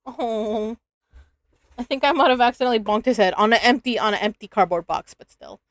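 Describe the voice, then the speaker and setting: A woman's voice: a little high, expressive, fast talker, dry recording. A woman in her twenties streaming and chatting casually, giggly and full of restarts, her throat dry and scratchy. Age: 20s. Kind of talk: casual live-stream chat.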